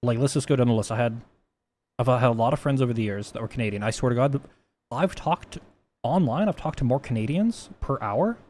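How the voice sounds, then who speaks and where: A brisk, expressive, slightly mellow mid-range voice belongs to a livestreamer who codes while chatting casually. He meanders, uses profanity and often restarts his sentences.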